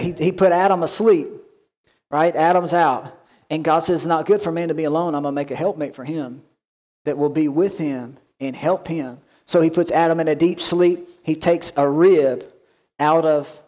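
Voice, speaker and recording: High-voiced pastor preaching. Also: male voice, darkish tone. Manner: reads scripture aloud and slows for emphasis; folksy, asks the congregation questions. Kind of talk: sermon.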